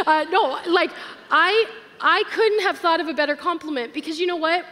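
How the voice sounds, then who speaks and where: A woman's voice: very high-pitched, moderate pace, pushed and bright. A woman pastor giving an earnest, emotional sermon to a live audience. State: tearful at times. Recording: live hall with long reverb, faint music.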